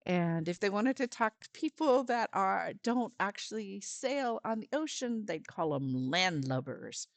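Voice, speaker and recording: A woman's voice: medium pitch, lively intonation, measured pace, gravelly, hardly any pauses, no room sound. A woman volunteer giving a friendly step-by-step craft lesson for parents and children, with some fillers.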